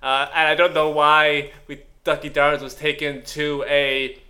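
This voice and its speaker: A man's voice: fairly high pitch, flat delivery, unhurried, pushed and bright. A man co-hosting a comedy podcast, riffing playfully in casual chat and laughing often.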